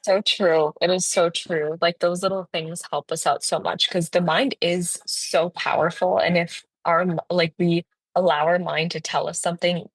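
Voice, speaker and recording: A woman's voice: on the low side, level tone, moderate pace, husky, no room sound. A woman co-hosting a spiritual podcast, earnest and reassuring, talking with many "like"s. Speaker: podcast co-host. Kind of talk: casual chat.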